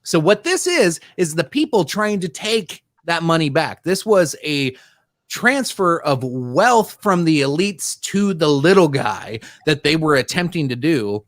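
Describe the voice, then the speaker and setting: A man co-hosting a casual livestreamed podcast, ranting with heavy profanity and animated outbursts. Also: fairly high pitch, unhurried, no room sound, clean studio sound. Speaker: podcast co-host. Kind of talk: casual political podcast chat.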